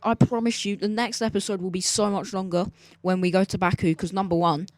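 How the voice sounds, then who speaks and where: A man's voice: high-pitched, level tone, fairly quick, no room sound. Male gaming creator, joking sarcastic race commentary. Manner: joking, self-mocking and sarcastic. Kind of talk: narrated racing game commentary. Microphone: desk mic, sometimes speaking off-mic.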